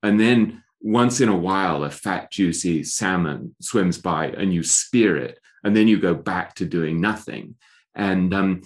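A middle-aged man speaking as an author in an interview, thoughtful and given to restarting his sentences. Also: low voice. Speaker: author guest. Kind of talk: interview conversation.

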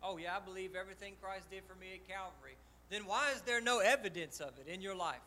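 Man, pastor, high bright voice, passionate sermon delivery in a church. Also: quick pace. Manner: impassioned, personal testimony, swings loud and soft. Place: church sanctuary.

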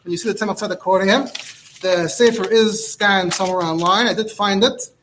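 Rabbi, teaching halacha class, high bright voice, rambles fillers. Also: male voice, steady tone, brisk, slight background noise. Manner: chatty, digressive, many fillers and restarts. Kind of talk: informal Torah lecture.

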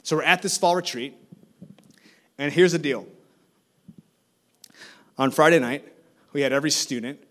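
A male campus ministry guest speaker giving a sermon in a church, telling stories and building to an urgent call. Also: mid-range voice. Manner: animated, rising to urgent exhortation. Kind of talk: sermon with storytelling. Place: church service.

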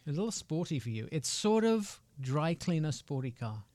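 A man co-hosting a studio talk show, telling tall tales with a deadpan delivery. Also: a little high, normal speed, no room sound. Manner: deadpan, joking. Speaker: co-host. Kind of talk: casual banter.

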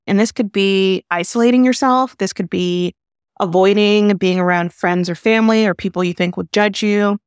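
A woman therapist hosting a podcast, calmly explaining advice in an earnest way. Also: medium pitch, moderate pace, clean tone, no echo, clean studio sound. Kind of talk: advice talk.

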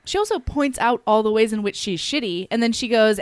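A woman co-hosting a podcast, casually recapping a story in an expressive way and swearing freely. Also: on the high side, fairly quick, hardly any pauses, dry recording, studio quality. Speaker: podcast co-host.

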